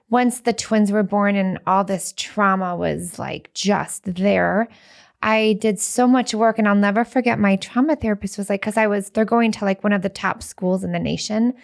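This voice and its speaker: A woman in a mid-range voice co-hosts a relaxed podcast chat. She speaks candidly and earnestly about her own experience, in a loose conversational rhythm. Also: medium pitch, normal speed, creaky. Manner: candid, earnest personal sharing. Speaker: podcast co-host.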